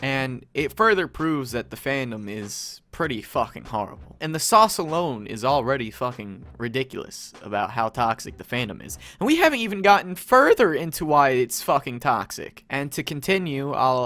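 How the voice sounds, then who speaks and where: A man's voice: mid-range voice, very animated, normal speed, hardly any pauses, a bit bright, dry recording. A young man doing a sarcastic, profane ranting commentary, mocking fans in exaggerated voices. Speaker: commentary YouTuber.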